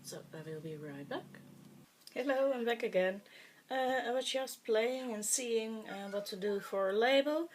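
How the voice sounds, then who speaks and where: This woman's voice sits on the high side, with lively intonation and an unhurried pace, over slight background noise. Her first language is Dutch; hosting a craft tutorial, she chats hesitantly through the project, using many fillers and muttering as she works.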